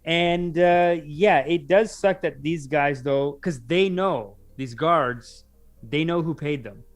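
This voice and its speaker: A young man co-hosting a podcast in casual, excitable chat, often acting out what others said. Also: on the high side, slow. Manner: animated, excitable, mimics others in quotes. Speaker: podcast co-host.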